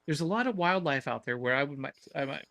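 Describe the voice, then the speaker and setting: Chatty man telling a lively story. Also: a little high, fast, vocal fry, no room sound. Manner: animated storyteller, stammering restarts. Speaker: podcast panelist. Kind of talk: casual chat.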